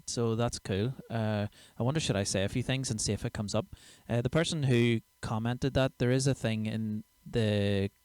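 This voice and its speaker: A man's voice: medium pitch, moderate pace, hardly any pauses, a little mellow, smooth, no echo. A man, a comedian chatting casually and sweary on his own livestream show. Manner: chatty, sweary, self-mocking. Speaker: comedian and podcast host.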